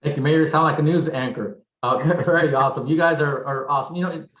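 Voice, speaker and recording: A man's voice: fairly high pitch, steady tone, quick pace, a bit bright, echoey room, poor audio. A man hosting an online gala, casual and upbeat, thanking guests loosely with fillers. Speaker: event host.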